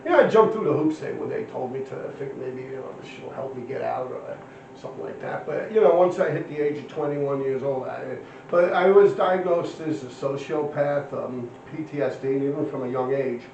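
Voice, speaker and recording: A man's voice: mid-range voice, a little fast, creaky, a little mellow, slight background noise. A man in his fifties, a guest telling stories in a casual, profane, rambling street manner. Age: 50s. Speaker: interview guest. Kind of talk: casual storytelling. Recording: roomy, distant, dull lo-fi.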